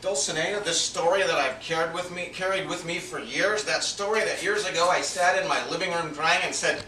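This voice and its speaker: A man's voice: fairly high pitch, a little fast, pushed and bright. Earnest man telling a story, echoey. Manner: earnest, confessional, drops to near-whisper for inner thoughts. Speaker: minister telling a personal story. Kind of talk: sermon testimony storytelling. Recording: echoey from a distance, faint background noise.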